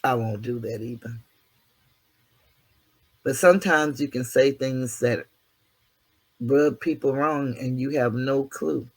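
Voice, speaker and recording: A man's voice: mid-range voice, takes it slowly, long pauses, slightly rough. Male vlog host, motivational monologue; preachy, down-to-earth, self-mocking. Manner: preachy, earthy, self-deprecating, mild cursing. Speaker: channel host.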